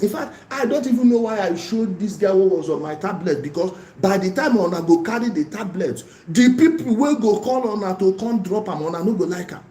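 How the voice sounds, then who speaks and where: A man with a Nigerian accent hosting a casual livestream, talking in an animated way and repeating himself for emphasis, with bits of pidgin mixed in. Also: high-pitched, fairly quick, hardly any pauses, reverberant, slight background noise, poor audio. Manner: animated, repetitive and pleading, mixing in pidgin. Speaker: YouTube livestream host.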